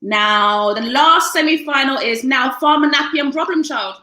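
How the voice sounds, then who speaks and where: A woman's voice: sits high, normal speed, bright, forceful tone, roomy sound. A woman hosting a casual interview, bubbly and laughing often. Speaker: host.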